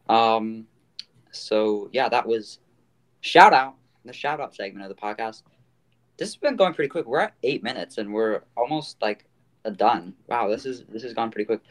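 A man hosting a casual podcast, rambling with many fillers. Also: mid-range voice. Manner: rambling, full of fillers and restarts. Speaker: podcast host.

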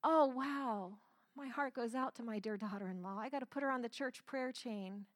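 A woman's voice: fairly high pitch, normal speed, dry recording, clean studio sound, natural voice. A woman voicing a pious, hypocritical man who feigns compassion in a mock-sanctimonious tone.

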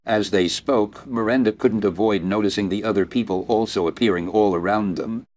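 A male audiobook narrator with a fairly low voice, reading fantasy fiction. He tells the story in a steady, even manner. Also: normal speed. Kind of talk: scripted narration.

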